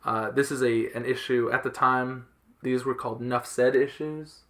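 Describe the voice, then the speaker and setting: A man's voice: medium pitch, flat delivery, normal speed, fairly bright tone. A young man hosting a casual comic book podcast, retelling a story in a loose, rambling way with plenty of fillers. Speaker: podcast host. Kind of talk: casual chat.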